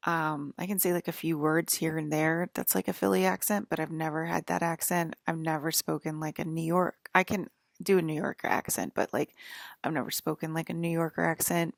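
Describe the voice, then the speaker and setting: Low, gravelly rambling woman vlogger. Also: steady tone, fairly quick, no room sound, clean studio sound. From northern US. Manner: rambling, many fillers and restarts, tangents. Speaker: online broadcaster. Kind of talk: casual rambling monologue.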